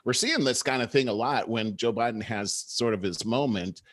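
A man hosting a talk show, telling political stories in a measured, conversational way. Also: mid-range voice, fairly bright tone, no echo. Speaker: show host. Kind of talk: casual political commentary.

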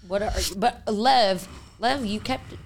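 A woman's voice: medium pitch, slow pace, slight background noise. A woman hosting a comedy podcast, chatting in a rambling way and laughing often. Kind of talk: casual podcast chat.

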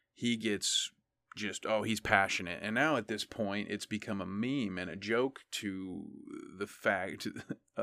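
A man's voice: on the low side, fairly bright tone, dry recording. Profane ranting man on a podcast. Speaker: podcast host. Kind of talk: casual solo podcast rant.

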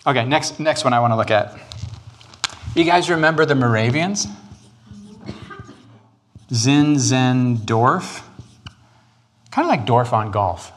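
A man, preaching a sermon on church history in an animated, joking way. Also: mid-range voice. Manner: animated, joking, quick asides and put-on quotes. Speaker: pastor.

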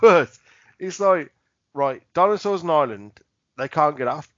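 A tipsy British man co-hosting a podcast, rambling through his points and laughing a lot. His voice sits high and swings all over, dry and close on a dull lo-fi recording. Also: animated, measured pace, fairly bright tone, dry recording. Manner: rambling, laughing often, loses his words. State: drunk. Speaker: podcast co-host. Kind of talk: casual drunken banter.

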